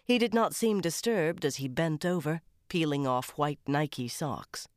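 A woman narrating a crime novel audiobook in the first person with a measured, even-paced reading. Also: low-pitched, no echo, studio quality.

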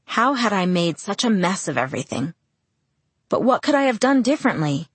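Woman narrating an audiobook in a husky voice. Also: medium pitch, very animated, normal speed, dry recording. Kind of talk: first-person audiobook narration.

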